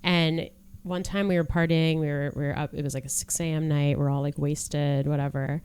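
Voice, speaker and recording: A woman's voice: low-pitched, flat delivery, normal speed, darkish tone, clear, resonant tone. A young woman co-hosting a podcast, telling stories in a chatty way and laughing often. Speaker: podcast co-host. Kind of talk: casual chat.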